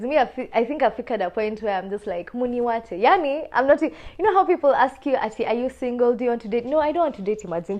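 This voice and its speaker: A young woman with a Kenyan accent telling a personal story on a podcast, animated and casual, mixing in Swahili slang. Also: on the high side, fairly quick, muffled recording. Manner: animated, switches between English and Swahili slang.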